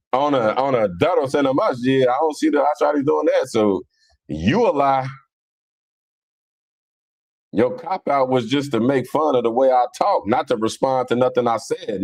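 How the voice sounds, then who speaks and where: A man's voice: mid-range voice, darkish tone. A man reading and rebutting viewer comments in a casual, combative, slangy way. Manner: slangy, combative, mutters to himself.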